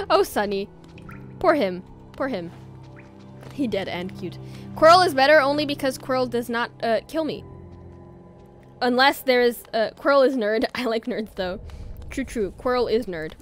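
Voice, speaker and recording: Her voice is on the high side and a little bright as she comments on her gameplay live. She chats and shrieks in surprise now and then, with faint game music underneath.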